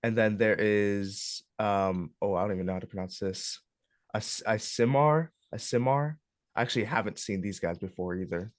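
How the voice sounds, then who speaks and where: A young man leading a club workshop in a casual, relaxed way, hesitating often with ums and uhs as he walks a group through game character options. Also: deep voice, brisk, no echo, studio quality. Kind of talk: casual classroom walkthrough. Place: classroom.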